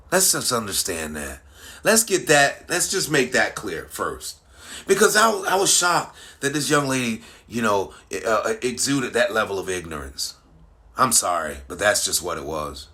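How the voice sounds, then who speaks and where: Animated man, bright voice, many restarts. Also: on the low side. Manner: animated, repetitive, with frequent restarts and rhetorical questions. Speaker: commentator. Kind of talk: casual monologue to social media followers.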